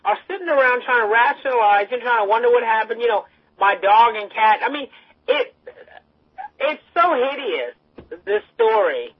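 Female talk radio co-host: husky, high, halting and outraged, dry and muffled lo-fi sound. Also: lively intonation. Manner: outraged, halting, searching for words.

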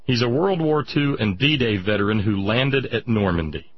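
A man giving impassioned political commentary, sarcastic and indignant, rising to shouts. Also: mid-range voice, lively intonation, moderate pace, slightly rough, no room sound, highs cut off.

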